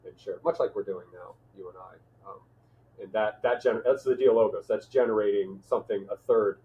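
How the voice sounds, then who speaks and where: Male podcast host, thoughtful halting chat, somewhat low voice, thin phone-line sound. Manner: thoughtful, halting, many fillers and restarts. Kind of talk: reflective conversational chat.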